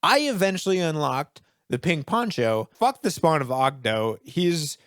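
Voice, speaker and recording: A man giving casual let's play commentary on a game he is playing, excitable, laughing often, swearing and yelling at the screen. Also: on the high side, measured pace, dry recording, studio quality. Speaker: gaming video creator.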